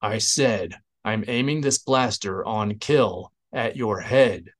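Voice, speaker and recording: A man voicing a petty, self-important male Imperial interrogator, slow and menacing. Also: lowish voice.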